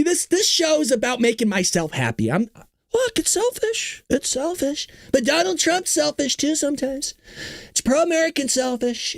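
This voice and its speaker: A man in his thirties hosting a casual political commentary show, excitable and hyped up, laughing often and teasing his chat. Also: very high-pitched, vocal fry, no room sound. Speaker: show host.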